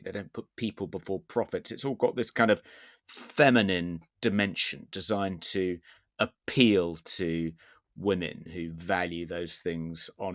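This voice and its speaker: A British man with a very deep, low voice, talking in a measured way with plenty of ums as a podcast co-host. The recording is close and dry, with no room sound. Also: a bit bright, no room sound. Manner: measured, with frequent ums and restarts. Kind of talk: casual discussion.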